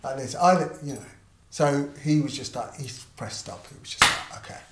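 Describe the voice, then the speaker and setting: At normal speed and medium pitch, a middle-aged man tells a casual story in an interview. He is a musician and artist manager, and he animatedly acts out the voices of those involved. The sound has a roomy echo plus faint background noise.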